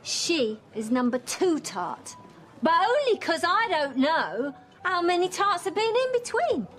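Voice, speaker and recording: A woman's voice: very high-pitched, very animated, unhurried, soft background music, full character voice. Drunk, mocking woman. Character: drunk bitter woman making a scene. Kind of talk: TV soap drama acting.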